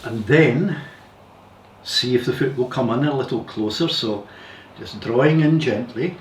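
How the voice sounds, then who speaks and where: Calm man guiding yoga in echoey room. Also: medium pitch, a little slow. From Scotland. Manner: calm, careful step-by-step guidance with repeated cautions. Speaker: yoga teacher. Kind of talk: guided yoga instruction. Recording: echoey room, distant mic, faint hiss.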